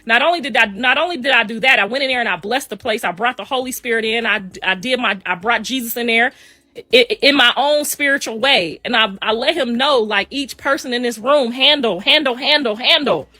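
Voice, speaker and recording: A middle-aged woman speaks in an emphatic, casual rant and hammers her points by repeating phrases. Her voice is bright and sits a little high. The sound is dry and close. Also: brisk, no room sound. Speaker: mother speaking on a livestream.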